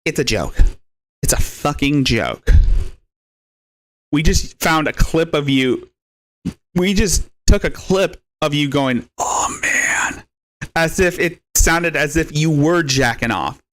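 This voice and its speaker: A man hosting a live stream in a mocking rant, his pitch leaping up and down as he taunts. He swears constantly and hammers the same insults again and again. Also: expressive, slow, fairly bright tone. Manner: profane, taunting, repetitive. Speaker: stream host.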